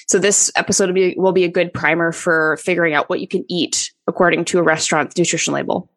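A woman's voice: lowish voice, steady tone, fast. A woman in her thirties co-hosting a podcast, upbeat and organized in her chat. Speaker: podcast co-host.

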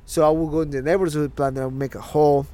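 A man's voice: fairly high pitch, fairly even intonation, rapid-fire, mellow. Ecuadorian-born man telling stories. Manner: rambling anecdotes with frequent swearing. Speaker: podcast co-host. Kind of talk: casual chat.

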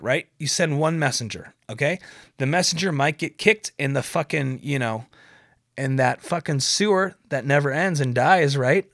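A man's voice: fairly high pitch, a bit bright, dry recording, studio quality. A young man hosting a podcast, delivering a rambling, profane rant that keeps getting sidetracked. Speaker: podcast host. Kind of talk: casual ranting monologue.

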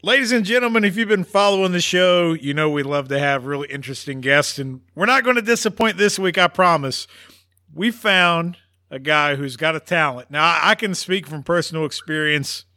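Bright, animated male sports podcast host. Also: on the high side, normal speed. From West Virginia. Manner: animated, ranting, theatrical emphasis. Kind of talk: casual sports talk.

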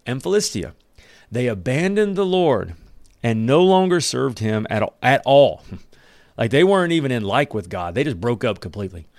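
A man's voice: mid-range voice, no room sound. Chatty man teaching Scripture, dry sound. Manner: conversational, with joking asides and chuckles. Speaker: Bible study teacher. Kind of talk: casual Bible teaching.

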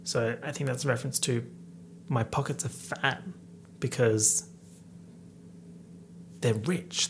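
A man in his late twenties hosting a casual lyric breakdown, excitable, breaking into sudden outbursts and whispered asides. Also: mid-range voice, slow, gravelly, long pauses, slight background noise. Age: late 20s. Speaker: host.

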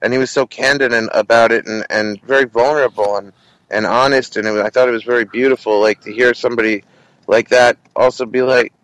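A man who hosts a comedy interview podcast, telling stories in an animated, casual way with lots of restarts. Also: medium pitch, a little fast, no echo, rough recording. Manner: animated, many restarts and quoted voices.

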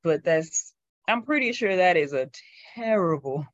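Woman, podcast co-host, slow unhurried talk, dull lo-fi sound. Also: lowish voice, animated. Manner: laughing, apologetic, chatty. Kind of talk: casual chat.

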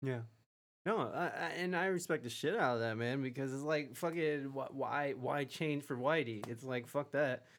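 A man's voice: medium pitch, moderate pace, fairly bright tone. A male host in a casual interview, talking in a rambling, profane way with many fillers and restarts. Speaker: podcast host.

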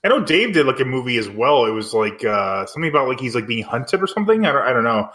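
Fast, animated man chatting casually. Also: mid-range voice. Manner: rambling, filler-heavy with frequent "like". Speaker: podcast co-host. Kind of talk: casual chat.

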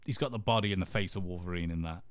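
A man's voice: low-pitched, rapid-fire. A man co-hosting a podcast, chatting casually about films, rambling, swearing now and then and laughing often. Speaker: podcast co-host. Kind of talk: casual chat.

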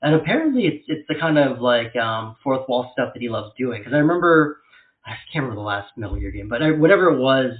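A man co-hosting a casual podcast chat, speaking bluntly and profanely in a relaxed way. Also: medium pitch, fast talker. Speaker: podcast co-host. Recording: echoey room over a phone-like line.

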